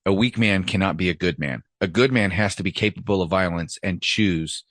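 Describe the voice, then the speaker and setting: Low-voiced blunt man co-hosting a podcast. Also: a little fast, fairly bright tone, dry recording, clean studio sound. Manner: blunt, profane, opinionated. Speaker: podcast co-host; former police officer. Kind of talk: casual chat.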